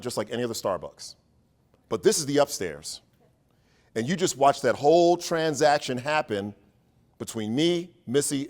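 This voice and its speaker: A man runs a workshop for teachers, spinning a lively, playful story and trading jokes with the room. His voice sits at a medium pitch.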